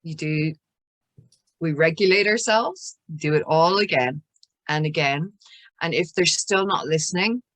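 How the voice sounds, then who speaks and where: An Irish woman counsellor explains children's emotions in an interview, acting out little scenes with soothing voices. Her low-pitched, fairly bright voice moves a little slowly, with no room sound.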